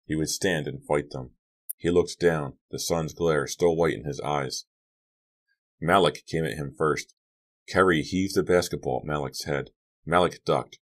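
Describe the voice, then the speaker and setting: A man reading a teen horror novel aloud as an audiobook narrator, lifting his voice for the characters' lines. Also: very deep voice.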